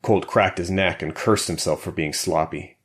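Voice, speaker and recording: A man narrating an action thriller audiobook in a steady, measured way. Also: low-pitched. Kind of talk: scripted narration.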